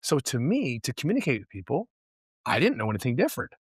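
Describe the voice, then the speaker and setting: A man's voice: medium pitch, huge pitch swings, fast talker, husky, no echo, studio quality. A middle-aged man, a football coach, talking earnestly in a casual podcast interview and often repeating words as he thinks. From Canada. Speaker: guest, high school football coach.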